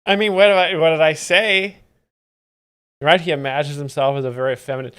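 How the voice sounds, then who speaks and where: A man hosting a live stream, explaining comedy clips in a mock-pedantic, deadpan way. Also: fairly high pitch, a little fast, clean tone. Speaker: comedy commentator host.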